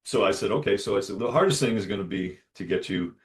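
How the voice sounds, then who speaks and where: Lower-voiced man telling a lively story. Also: quick pace. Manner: animated, acts out dialogue in lively voices. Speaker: dentist podcast host. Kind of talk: solo storytelling monologue.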